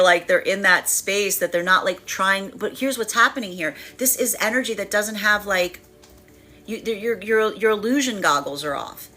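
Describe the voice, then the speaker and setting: A woman's voice: mid-range voice, pushed and bright. A woman tarot reader giving a casual, rambling reading, full of fillers and acted-out voices. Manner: rambling, many fillers, acts out voices with laughter.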